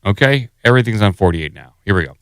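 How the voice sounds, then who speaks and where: A man's voice: on the low side, expressive, quick pace, fairly bright tone, smooth, no echo, studio quality. A man hosting a podcast, talking casually while he plays clips and fixes the sound settings. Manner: rambling while working the sound board. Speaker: podcast host. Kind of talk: casual chat.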